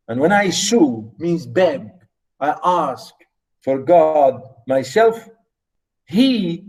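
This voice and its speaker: Older man lecturing slowly, emphatic. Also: fairly high pitch, sing-song, darkish tone, rough recording. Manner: emphatic, repeats phrases, restarts often. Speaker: literature lecturer. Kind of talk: university lecture.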